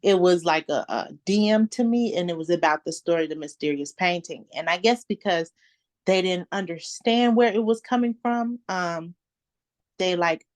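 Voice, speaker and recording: A woman in her twenties, an author guest, speaking softly and earnestly in a casual interview. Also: lowish voice, moderate pace, no room sound. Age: 20s. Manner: soft-spoken, earnest and reflective.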